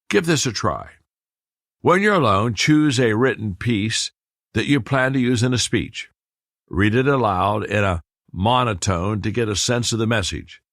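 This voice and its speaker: A middle-aged man narrating an audiobook in a measured, deliberate way, leaning on pauses for emphasis. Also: medium pitch, gravelly, fairly bright tone, no room sound, studio quality.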